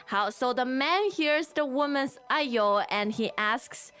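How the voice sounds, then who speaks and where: A woman's voice: sits high, sharp tone, smooth, faint music behind. A woman teaching Mandarin as co-host of a language lesson, whose first language is Mandarin, saying phrases twice over to model them. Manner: models Chinese phrases slowly and repeats them.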